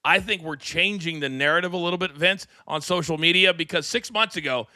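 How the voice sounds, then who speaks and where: Bright, energetic male talk-show host. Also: on the high side, dry recording, clean studio sound. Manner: energetic, fast promo-style delivery. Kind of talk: live wrestling talk show. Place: studio.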